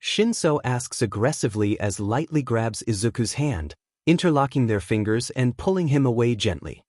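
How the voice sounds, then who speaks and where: A man's voice: medium pitch, big pitch swings, moderate pace, a little mellow, dry recording. Man narrating a fanfic, dry sound. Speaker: fanfiction reader.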